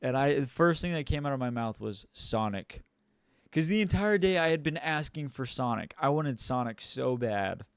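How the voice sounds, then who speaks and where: A young man chatting on a podcast in a smooth, clear voice, spinning a rambling, profane story. The sound is dry and close to the mic, with no room echo. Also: medium pitch, lively intonation, moderate pace. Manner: rambling, swears a lot, mimics people in quotes. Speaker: podcast co-host. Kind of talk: casual storytelling chat.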